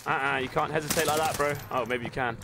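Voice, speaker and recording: Excitable high-voiced man streaming a game. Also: fast talker. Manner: excitable, profane banter with chat. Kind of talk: live gameplay commentary. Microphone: desk microphone. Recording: noisy stream audio with clicks.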